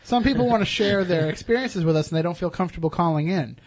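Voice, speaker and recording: A man's voice: high voice, fast. A man hosting a radio talk show, chatting casually with many fillers and restarts.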